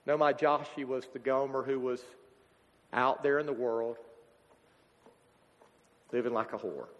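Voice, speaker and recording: A man, preaching a sermon as a pastor, halting and emotional as a grieving father. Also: mid-range voice, muffled recording. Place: church sanctuary. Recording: church hall reverb.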